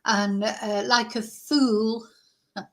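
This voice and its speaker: A woman hosting a true crime channel, talking in a rambling, animated way with plenty of asides. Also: a little high, extremely slow. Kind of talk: casual chatty vlog.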